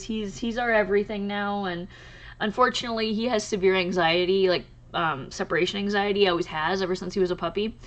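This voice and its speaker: A woman speaks casually to her viewers in a soft voice of middle pitch, often pausing and starting over as she talks. Her pace is unhurried. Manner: soft, halting, many ums and restarts. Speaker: crochet channel host. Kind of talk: casual chat to camera.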